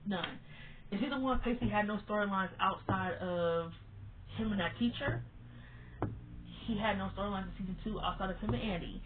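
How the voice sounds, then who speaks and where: A woman's voice: medium pitch, moderate pace, noisy background. Blunt, swearing woman on a tinny line. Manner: blunt and emphatic, swears freely, repeats words for stress. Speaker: TV show reviewer. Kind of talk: casual opinionated vlog rant. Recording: tinny phone-like sound.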